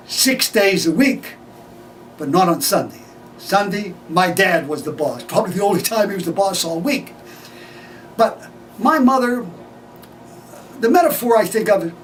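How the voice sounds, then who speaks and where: An older man telling family stories with a high, very lively voice that rises and falls freely. He laughs often and acts out dialogue as he goes. He is heard from a distance over faint background noise. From United States. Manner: animated, laughing storyteller acting out family dialogue. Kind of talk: personal storytelling.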